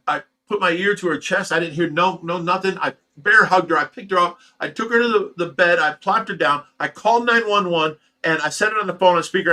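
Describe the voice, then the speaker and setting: A man's voice: high voice, pushed and bright. A man hosting his own channel, telling a painful personal story to his viewers in a raw, rambling, emotional way. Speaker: host of a fish rescue channel.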